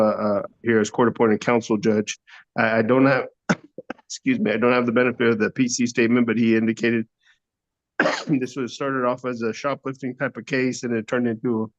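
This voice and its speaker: A man arguing as court-appointed defense attorney in a courtroom, hesitant with many fillers and throat-clearing. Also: medium pitch, level tone, normal speed. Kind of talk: courtroom argument. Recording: dull lo-fi courtroom audio.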